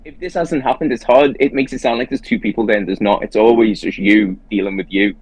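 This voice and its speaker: Husky man telling a story earnestly. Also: on the low side, a little fast, no echo, poor audio. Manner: earnest, animated storytelling with many restarts. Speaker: host. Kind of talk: casual conversation.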